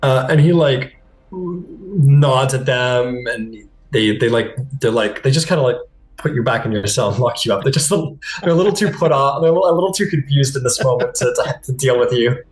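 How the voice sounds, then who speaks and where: A man's voice: medium pitch, brisk, reverberant, low-quality recording. A man narrating as game master in a casual, rambling way with many fillers. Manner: casual, laughing, lots of fillers.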